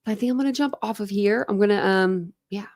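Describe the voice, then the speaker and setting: A woman's voice: medium pitch, fast talker, darkish tone. A woman hosting a true crime livestream from home, chatting loosely with her viewers and rambling between topics with laughs and fillers. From United States. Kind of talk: casual livestream chat with viewers. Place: home room. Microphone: desk camera setup.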